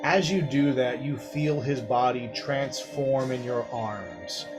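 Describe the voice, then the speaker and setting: A male game master narrating a tabletop game in a slow, deliberate, dramatic way, with a middle-pitched voice. Music plays clearly beneath him.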